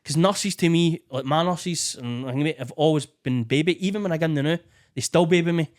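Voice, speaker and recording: A man's voice: on the high side, a little fast. A Scottish man on a podcast, recalling his own hospital stay bluntly, with swearing and emotion. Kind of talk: casual podcast conversation.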